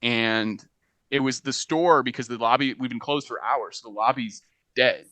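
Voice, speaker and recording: Young man, podcast co-host, forceful bright tone, dry close sound, animated storyteller who laughs often. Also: mid-range voice, normal speed, dry recording. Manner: animated anecdote-telling, laughing often, acting out quotes. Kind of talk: casual storytelling chat.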